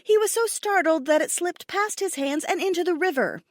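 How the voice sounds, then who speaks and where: A woman's voice: extremely high pitch, animated, moderate pace, no room sound, clean studio sound, voice pushed up. A woman voicing a proud, furious female dragon queen scolding her mate in an audiobook. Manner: sharp, indignant, raised voice.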